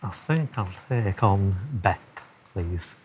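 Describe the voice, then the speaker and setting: A man's voice: deep voice, lively intonation, slow, a little mellow, slight background noise. A man quiz contestant, answering carefully and tentatively in a TV studio.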